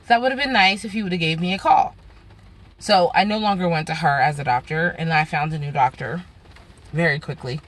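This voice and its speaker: A woman's voice: on the low side, brisk. A young woman venting to her camera at home, telling frustrated stories in a casual, exasperated way. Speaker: vlogger.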